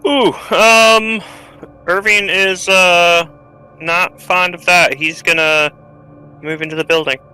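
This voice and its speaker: A man's voice: high-pitched, fairly even intonation, takes it slowly, sharp tone, clear, resonant tone, faint music behind, poor audio. A man playing in a tabletop game, chatting casually and thinking aloud about his moves. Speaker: player.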